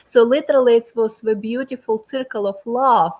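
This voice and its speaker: A woman's voice: fairly high pitch, moderate pace, darkish tone. A woman from Ecuador, speaking as a guest therapist, effusive and heartfelt, with grammar slips. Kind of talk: casual chat.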